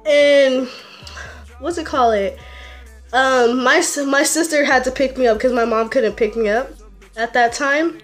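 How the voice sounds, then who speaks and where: High-voiced teen girl telling a story. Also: measured pace. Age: teenager. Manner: animated, laughing storyteller. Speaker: vlogger. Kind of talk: casual storytime. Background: faint music.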